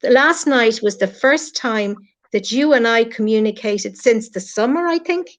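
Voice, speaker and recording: Heard over lo-fi stream audio, an Irish woman in middle age speaks expressively and without hurry in a voice that sits a little high. She comes across as heartfelt and sincere while appearing as a live-stream guest, and she takes on her critics head-on in the emotional conversation.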